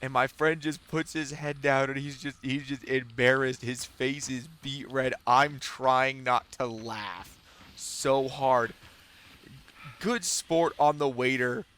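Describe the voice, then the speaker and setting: A man's voice: medium pitch, steady tone, slow pace, a bit bright. A man chatting casually with his viewers while he streams a game, telling rambling stories that amuse him. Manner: rambling, self-amused storytelling.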